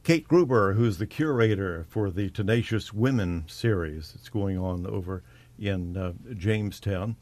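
A very deep-voiced middle-aged man hosts the interview, easygoing and genial. He rambles a little and restarts his phrases as he talks. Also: a little slow, a little mellow. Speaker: interview host. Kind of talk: broadcast interview.

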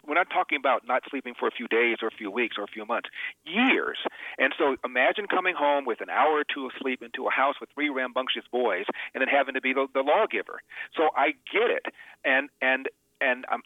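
A man's voice: medium pitch, brisk, dry recording. A male radio host telling an emotional personal story in an interview, with emphatic repetitions. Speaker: radio host and author, guest. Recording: tinny phone line, dry.

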